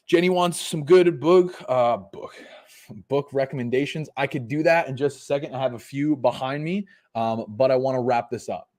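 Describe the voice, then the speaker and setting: A man's voice: mid-range voice, darkish tone. A man in his twenties, a fitness coach, ranting emphatically and profanely on a live podcast. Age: 20s.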